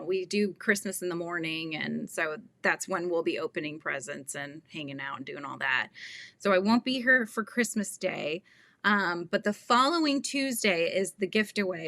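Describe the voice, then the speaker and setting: A woman's voice: medium pitch, sharp tone, dry recording. A woman hosting a casual live stream, chatting and laughing often in a scatterbrained, friendly way. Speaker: livestream host.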